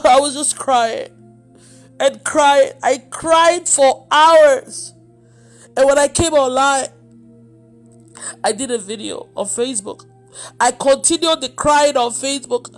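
A woman's voice: sits high, takes it slowly, long pauses, faint music behind. A woman preacher giving an emotional testimony, acting out the dialogue as she tells it. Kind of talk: testimony sermon.

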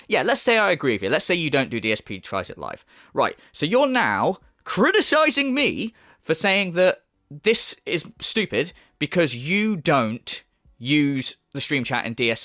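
A man's voice: a little high, bright, forceful tone. A man ranting in mocking, sweary YouTube commentary. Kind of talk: casual rant commentary.

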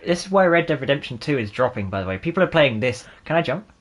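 A man's voice: a little high, sing-song, fast talker. A man in his twenties giving sarcastic, jokey let's-play gaming commentary and laughing often. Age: 20s. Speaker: gaming channel host.

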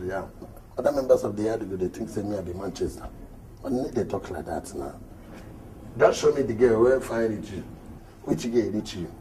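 A man's voice: lowish voice, warm tone, a little hiss or hum, lightly acted, poor audio. A man with a Nigerian Pidgin accent playing a boastful, flirtatious hustler in a comedy film, talking in teasing, swaggering banter. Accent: Nigerian Pidgin English. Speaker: boastful suitor. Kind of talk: Nollywood comedy film acting.

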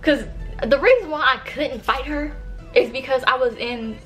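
A vlogger in her early twenties from Sacramento, California, tells a casual storytime at a moderate pace in a high-pitched voice. Chatty and full of fillers, she talks straight to viewers, calling them y'all, over soft background music.

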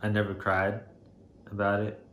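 Deep-voiced shaken man, halting. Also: monotone, a bit bright. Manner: halting, hesitant, heavy with fillers. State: shaken, emotional. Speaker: vlogger. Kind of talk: personal storytelling to camera. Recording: roomy echo, faint background noise.

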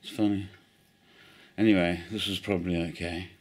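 A man's voice: sits low, fairly even intonation, moderate pace. A middle-aged man from South Africa, chatting in a meandering, self-mocking way to a handheld camera. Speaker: vlogger. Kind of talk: rambling casual vlog. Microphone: handheld camera mic.

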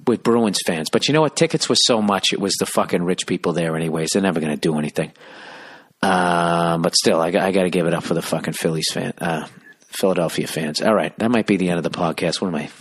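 A man with a very low voice rambles through a comic podcast monologue. He keeps his voice down to a near whisper and swears freely as he riffs. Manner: profane, hushed half-whisper. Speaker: podcast host.

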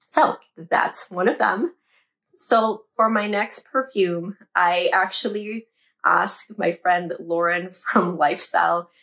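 A woman in her thirties chatting casually as she reviews products, with plenty of ums and pauses. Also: on the low side, fairly bright tone. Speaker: beauty vlogger.

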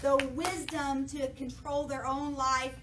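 A woman preaching a lively sermon, retelling scripture casually and acting out the voices of people in it. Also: sits high, slow. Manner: lively, jokey, acts out voices of people in the story. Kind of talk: sermon with playful paraphrase. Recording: echoey church from a distance, faint noise.

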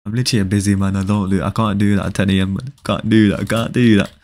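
A man's voice: on the low side, flat delivery, racing, a little mellow. Chatty young man streaming. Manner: loose and chatty, repeats short phrases over and over. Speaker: game streamer. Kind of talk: casual live-stream chat with viewers.

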